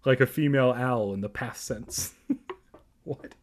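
A man's voice: medium pitch, unhurried. A man reading a children's book aloud and breaking off for sarcastic, crude asides. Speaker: reader.

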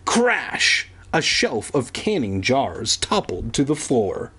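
Husky man reading a storybook aloud. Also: mid-range voice, big pitch swings, slow, fairly bright tone. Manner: irreverent, swears in offhand asides. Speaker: reader. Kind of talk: casual storybook reading with asides. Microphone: home recording, edited later.

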